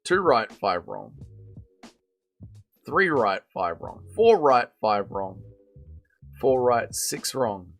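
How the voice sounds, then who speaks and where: A man's voice: medium pitch, huge pitch swings, slow pace, pauses often, a bit bright, faint music behind. A man hosting a casual livestream watch party, tired and hungover, rambling and swearing in slangy banter with his chat. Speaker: livestream host.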